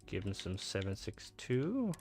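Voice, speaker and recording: A man's voice: fairly low pitch, huge pitch swings, measured pace, darkish tone. A man streaming a video game, chatting casually with lots of fillers and restarts. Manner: rambling, filler-heavy, upbeat. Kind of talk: casual gameplay commentary.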